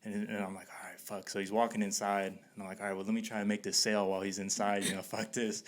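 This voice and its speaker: A podcast host telling a story in a laid-back way, swearing freely and laughing through it. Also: male voice, lowish voice, level tone, fast talker. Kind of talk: casual storytelling.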